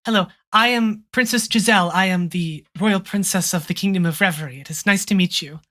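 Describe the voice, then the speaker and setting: A game master voicing a gentle, nervous young princess who speaks formally and stammers. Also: mid-range voice, fairly quick, close to an everyday voice. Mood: flustered.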